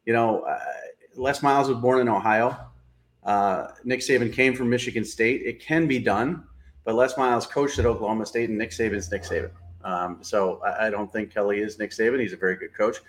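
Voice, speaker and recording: A man's voice: on the low side, steady tone, a little fast. A man giving blunt, opinionated college football analysis in casual talk, with plenty of fillers. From New England.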